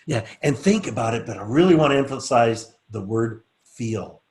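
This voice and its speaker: A middle-aged man teaching a live online class, chatting casually and then talking the group slowly through a relaxation exercise. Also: medium pitch. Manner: relaxed, coaxing, speaks slowly and softly when guiding. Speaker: teacher leading a group session.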